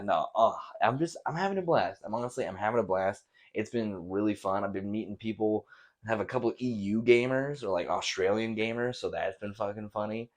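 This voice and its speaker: A man's voice: on the low side, brisk. A young man hosting a podcast, rambling casually with many fillers and plenty of swearing. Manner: laid-back, profane, rambling with many fillers. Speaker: podcast host.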